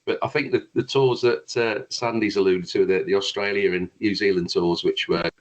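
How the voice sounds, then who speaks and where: A man's voice: low voice, steady tone, moderate pace, lo-fi sound. A man, a guest brass player, telling long rambling anecdotes in a casual chat, with frequent restarts.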